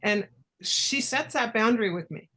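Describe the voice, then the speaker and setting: A woman's voice: on the high side, expressive, moderate pace, bright, forceful tone. A woman hosting a casual talk show, friendly and teasing, laughing often.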